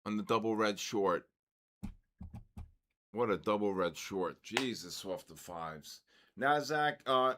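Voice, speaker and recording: An older man hosting a live trading stream, excitably calling out moves and muttering at the charts. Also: medium pitch. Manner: excitable, exclaims and mutters at the markets. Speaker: trading livestream host. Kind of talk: casual live trading commentary.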